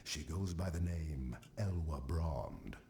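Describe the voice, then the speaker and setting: A man's voice: very deep voice, lively intonation, slow, creaky, a crowd in the background, full character voice. An actor playing a worried male tavern regular in a video game, asking favors in a hesitant, apologetic way. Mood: sheepish. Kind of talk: game dialogue.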